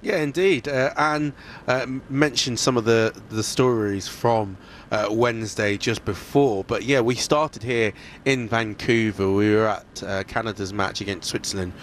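A man with a lowish voice gives a conversational sports report for radio, lively and quick to reach for fillers. A faint low rumble sits under his voice. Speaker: sports presenter.

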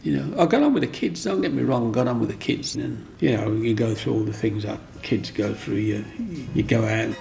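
A man's voice: mid-range voice, brisk, gravelly, few pauses, darkish tone, a little hiss or hum. A man telling stories from his life in an interview, rambling and repeating himself as he goes. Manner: rambling, repeats himself, often says "you know what I mean". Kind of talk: storytelling in an interview.

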